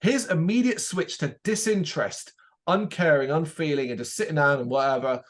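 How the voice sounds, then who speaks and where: This podcast co-host has a fairly high-pitched voice at a normal speed, with a faint hiss or hum in the recording. He breezily goes over a TV episode and performs the quoted lines with animation.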